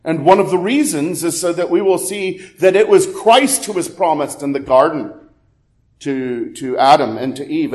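At a normal pace, a pastor preaches his sermon conversationally, using fillers and fixing his own words, then climbs to loud emphatic peaks and drops low once more.

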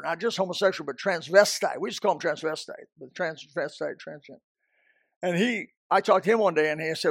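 A man's voice: high voice, vocal fry, a bit bright, breathy edge, dry recording, studio quality. A man preaching a sermon as a pastor, emphatic and repetitive, often restarting his sentences.

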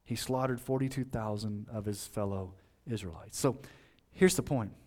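A man preaching a sermon as pastor, his voice rising sharply on emphasis and dropping low and quiet on grave points. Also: normal speed.

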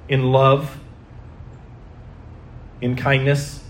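Man, preacher, high voice, emphatic sermon, rhetorical questions, roomy echo. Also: animated, a little slow, long pauses. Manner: emphatic, asks the crowd repeated questions.

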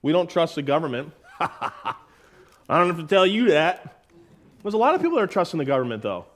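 A middle-aged man preaching a sermon in a folksy way, calling listeners "folks" and reading scripture slowly and with emphasis. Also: on the high side, big pitch swings. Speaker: pastor.

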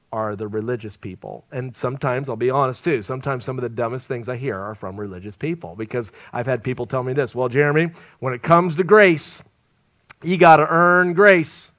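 A man's voice: medium pitch, no room sound. A man preaching a sermon to a live congregation, telling stories with jokes and laughter. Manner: animated storytelling with laughs and joking asides. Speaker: traveling evangelist preacher.

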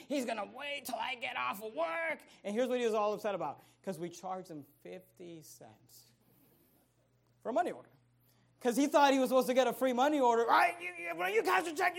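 A middle-aged man preaching a sermon as pastor, telling a story in a casual conversational way and rising to loud, emphatic peaks. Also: sits high.

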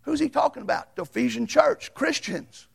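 A man preaching a sermon as a Baptist pastor, folksy and storytelling, swinging from loud to hushed. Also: very high-pitched, lively intonation, moderate pace, vocal fry, slightly rough.

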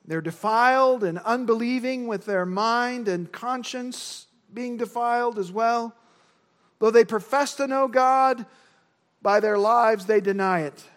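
A man with a strikingly high voice preaches a sermon. He lands his points with emphasis and drives them home by repeating key words. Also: a little slow. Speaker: pastor. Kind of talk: expository sermon.

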